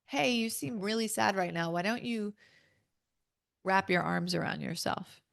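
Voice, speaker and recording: A woman voicing her gentle, compassionate inner self in a soft, soothing way. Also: medium pitch, a little slow, vocal fry, no room sound, studio quality.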